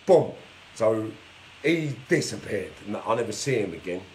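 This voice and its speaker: A man's voice: on the low side, animated, normal speed, a little mellow, a little hiss or hum, poor audio. Blunt, foul-mouthed man. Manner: blunt, heavy swearing, streetwise slang. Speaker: live-stream host telling his life story. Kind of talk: casual storytelling monologue. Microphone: phone or webcam for a live stream.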